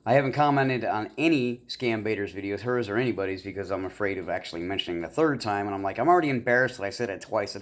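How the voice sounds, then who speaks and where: Midwestern guy, casual vlog ramble, somewhat low voice, lots of fillers. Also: animated, fast. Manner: rambling, full of fillers and self-deprecating asides. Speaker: YouTuber.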